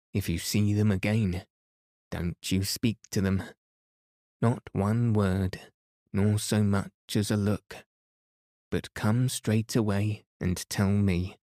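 A man voicing a sharp-tongued woman servant who scolds children, in a storybook reading. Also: on the low side, dry recording, clean studio sound. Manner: stern, scolding.

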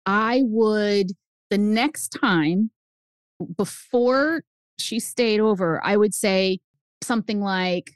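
A woman guest on a podcast, telling stories in a lively, animated way and acting out the voices she quotes. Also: mid-range voice, slow pace, smooth, dry recording. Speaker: guest author. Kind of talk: casual chat.

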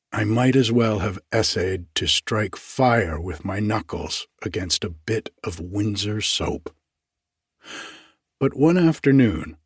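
A man reading a classic story aloud in a deliberate, formal narrating manner. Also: lowish voice, breathy edge, no echo, clean studio sound. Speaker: audiobook narrator.

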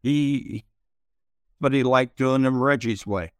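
An older man telling stories as an interview guest, halting with many pauses and fillers. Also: medium pitch, clear, resonant tone, no room sound. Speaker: interview guest, retired pitcher. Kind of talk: slow reflective storytelling.

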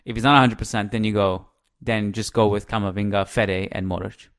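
A man in his thirties hosting a casual podcast, chatty and quick to laugh, thinking out loud. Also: lowish voice, fairly even intonation. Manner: chatty, laughs easily, thinks aloud with restarts. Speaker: podcast host. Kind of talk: casual chat.

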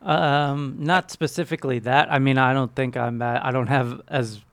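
A man's voice: mid-range voice, fairly even intonation, normal speed, fairly bright tone. A man working as a podcast producer, chiming in during casual chat with dry, understated teasing.

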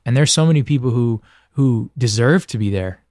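A man's voice: mid-range voice, animated, moderate pace, a little mellow, dry recording. A man talks as a podcast guest, earnest and reflective, circling back and restarting his thoughts as he goes. His voice sits in an ordinary middle register. It is recorded close and dry on a studio microphone. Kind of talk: casual conversation.

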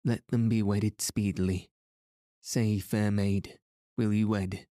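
A man's voice: fairly low pitch, level tone, takes it slowly, mellow, no echo, studio quality. A man reading the lines of a stern, hunchbacked medieval duke in a harsh, curt way.

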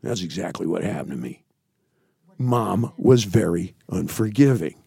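A man in his sixties, a candid interview guest telling stories with blunt, profane asides, his voice swinging between loud bursts and hushed, low passages. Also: animated, measured pace, gravelly, slightly rough, no echo. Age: 60s. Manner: blunt, swears freely.

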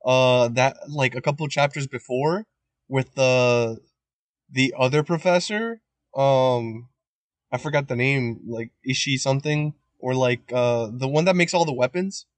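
A man's voice: medium pitch, unhurried, no room sound. A man co-hosting a podcast in casual chat, rambling with many fillers, swearing and laughing. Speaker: podcast co-host.

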